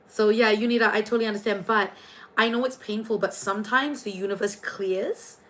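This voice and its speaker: A woman's voice: mid-range voice, steady tone, a little fast, a bit bright, a little hiss or hum. A young Singaporean woman with a Singaporean accent, hosting a casual livestream from her room as a tarot reader. She talks in a gushing, chatty way, full of fillers and restarts.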